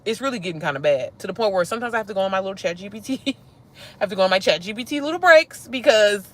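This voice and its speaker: A woman hosting a casual livestream, animated and slangy, talking straight to her viewers. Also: medium pitch, rapid-fire. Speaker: livestream host.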